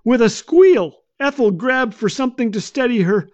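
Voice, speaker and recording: High-voiced man telling a funny story. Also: expressive, normal speed. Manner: anecdotal, gently comic. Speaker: radio devotional speaker. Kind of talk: humorous storytelling. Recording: dull lo-fi.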